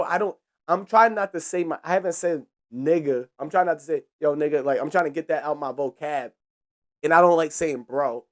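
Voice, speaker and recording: Animated young man telling a profane story. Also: fairly high pitch, a little fast. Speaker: podcast host. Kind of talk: casual storytelling rant.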